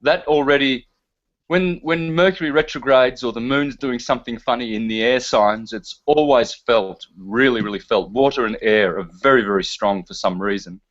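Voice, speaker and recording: A man's voice: medium pitch, normal speed, a bit bright. A man talking in a casual chat, emphatic and preachy in manner. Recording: dull lo-fi sound.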